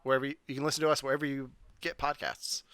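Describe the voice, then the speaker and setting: Podcast host guy on a video call, bright crisp voice, dry sound, chatty and jokey. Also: mid-range voice, flat delivery, very fast, no room sound. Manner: upbeat, listing facts, joking asides. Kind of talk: casual chat.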